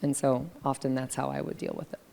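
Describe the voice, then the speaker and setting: A woman's voice: very deep voice, flat delivery, fast, vocal fry, mellow, slight background noise. A middle-aged American woman, a senior business leader, talking reflectively in a fireside chat with frequent fillers. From United States.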